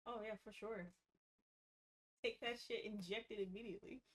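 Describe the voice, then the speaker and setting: A woman playing a tabletop game, casual and excited, laughing and swearing freely. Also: medium pitch, normal speed. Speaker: player.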